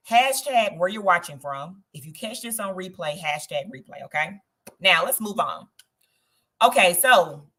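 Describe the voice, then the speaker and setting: A woman hosting a live travel stream, chatting in an animated way and talking straight to her viewers. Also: mid-range voice, breathy edge. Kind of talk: casual livestream chat.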